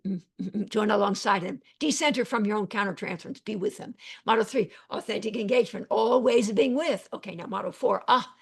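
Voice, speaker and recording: A woman's voice: medium pitch, gravelly, husky. A woman psychiatrist teaching an online webinar, reading chat questions aloud and thanking attendees, rambling with many fillers and repeated phrases.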